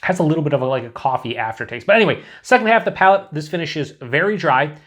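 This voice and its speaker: A man's voice: fairly high pitch, animated, quick pace, fairly bright tone. Chatty, swearing man reviewing beer. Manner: chatty, rambling, swears freely. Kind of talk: casual tasting review to camera.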